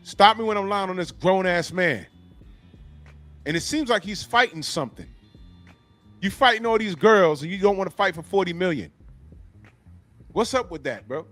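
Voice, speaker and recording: Podcast co-host, a man with a high voice, mocking and profane, faint music under him. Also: lively intonation, moderate pace, pauses often, fairly bright tone. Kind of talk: casual podcast banter.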